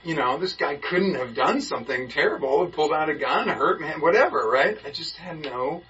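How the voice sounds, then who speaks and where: A man's voice: on the high side, moderate pace. A man in a Bible study group telling a story with energy, acting out the voices of the people in it. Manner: lively, acts out the people in his story. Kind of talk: animated storytelling in a group discussion. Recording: muffled, from a distance, faint background hiss.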